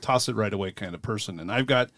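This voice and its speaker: A man co-hosting a podcast in casual chat, chatty and quick to laugh. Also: fairly low pitch, fairly bright tone, no echo, clean studio sound. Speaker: podcast co-host.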